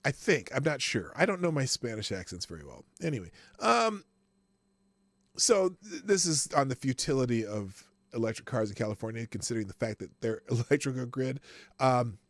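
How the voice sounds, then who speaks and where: A man's voice: mid-range voice, big pitch swings, normal speed, dry recording. A male host giving casual live commentary, crude and mocking, often breaking into laughter.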